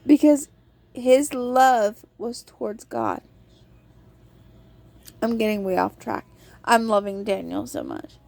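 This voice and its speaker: A woman's voice: on the high side, wildly swooping pitch, slow pace, gravelly, long pauses, a little mellow. A woman hosting a podcast, giving a casual devotional talk on a Bible book and acting out quotes in an earnest storytelling tone.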